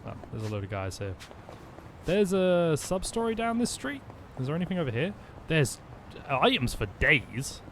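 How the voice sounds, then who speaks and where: A man's voice: a little high, wildly swooping pitch, moderate pace, a bit bright, slight background noise. A man streaming a video game, chatting casually and rambling through jokey asides as he plays. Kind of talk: casual gameplay commentary.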